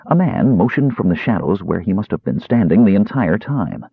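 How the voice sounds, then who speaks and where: A man narrating an audiobook in a scripted, expressive way. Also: on the low side, moderate pace, vocal fry, slightly rough, dry recording. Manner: expressive, varied delivery. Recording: thin phone-like audio.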